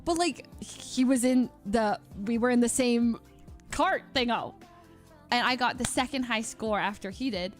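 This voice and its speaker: A young woman streamer telling a story in casual chat, excitable and laughing, full of fillers and restarts. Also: a little high, a little slow, soft background music.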